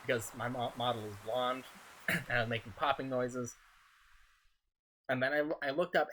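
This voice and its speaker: A soft-spoken man chatting loosely over a game stream, his thoughts drifting from one tangent to the next. His voice has a bright, crisp edge to it, and he chuckles often between his sentences. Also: medium pitch, moderate pace. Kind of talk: casual gaming stream chat.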